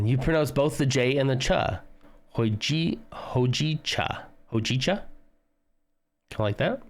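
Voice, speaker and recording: A man's voice: mid-range voice, animated, measured pace, a little mellow. A man casually chatting with viewers on a live stream while building a model kit, rambling and humming tunes as he works.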